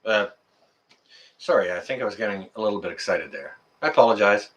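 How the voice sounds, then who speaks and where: A man hosting a live stream, chatting casually with viewers in a rambling, excitable, jokey way. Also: fairly low pitch, a little fast. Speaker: livestream host answering chat.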